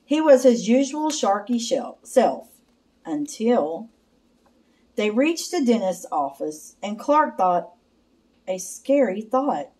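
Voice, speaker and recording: A woman slowly and expressively reading a children's picture book aloud. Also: a little high, a little mellow. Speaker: storyteller.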